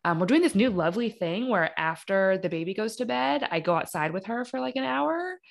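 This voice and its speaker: A woman's voice: mid-range voice, animated, a little fast, gravelly. A woman in her thirties co-hosting a podcast, chatting casually and telling stories with lots of fillers. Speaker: podcast co-host. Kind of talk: casual chat.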